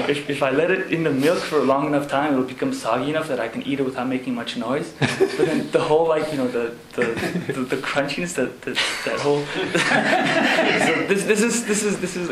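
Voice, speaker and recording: A man, a Zen monk, talking casually about monastery life, halting with fillers and laughing as he tells stories. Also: mid-range voice. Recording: echoey room with background noise.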